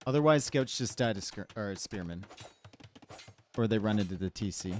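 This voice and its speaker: A man's voice: lowish voice, expressive, normal speed, a little hiss or hum. A man casting a live strategy-game match, laid-back and chatty, teasing his live chat between plays. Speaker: tournament caster. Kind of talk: live esports commentary mixed with chat banter.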